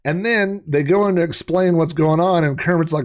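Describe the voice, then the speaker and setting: A man's voice: fairly high pitch, a little fast. A man giving casual gameplay commentary, rambling and chatty, with many fillers and laughs at his own jokes. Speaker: let's play host.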